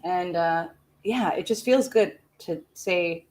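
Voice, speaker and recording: A woman's voice: on the low side, slow pace, a little mellow. Ranting, candid woman from Canada. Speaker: streamer. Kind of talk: casual livestream chat.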